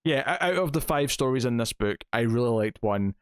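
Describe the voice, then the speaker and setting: A man's voice: mid-range voice, a little fast, smooth, no room sound, studio quality. A man co-hosting a podcast, casually retelling a comic's plot with lots of fillers. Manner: chatty, retells plot with acted quotes, many fillers. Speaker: podcast co-host reviewing comics. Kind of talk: casual review chat.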